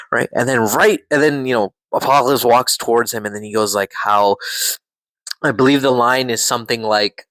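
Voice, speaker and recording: A man reviewing a show in a casual, excitable way, swearing and saying "like" often. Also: mid-range voice, fairly quick, dry recording, rough recording.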